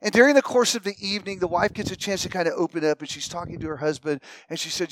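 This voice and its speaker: A man's voice: high voice, fast, few pauses, no room sound. A man teaching a group, talking the audience through an illustration and putting questions to them. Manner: animated storyteller, asks the audience questions. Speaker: speaker teaching a class. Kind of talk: teaching talk with acted-out anecdotes.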